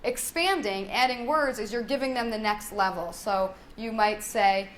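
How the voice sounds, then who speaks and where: This young woman's voice is a little high, and she speaks at normal speed amid slight background noise in a workshop room. A speech-language pathologist, she guides a parenting workshop conversationally, often asking "right?" and imitating child talk in a lilting singsong.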